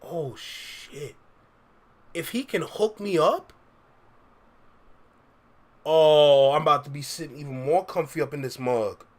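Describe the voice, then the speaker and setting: On the high side and slow, with long pauses, a young man talks casually to his livestream viewers. He's a reaction streamer, laid-back and slangy, going through chat messages out loud and answering them.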